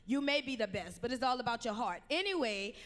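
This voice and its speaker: A woman delivers a youth sermon in a relaxed, slangy way, often asking the crowd to answer back. Her voice sits high. It rings with the long reverb of a church sanctuary. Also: fairly quick. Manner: slangy, call-and-response with the audience. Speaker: youth preacher.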